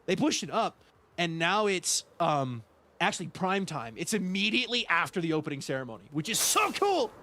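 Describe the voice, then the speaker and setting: A man livestreams a building game, chatting casually and reading out viewers' names to thank them. His voice is a little high, expressive, pushed and bright, and he talks fairly quickly.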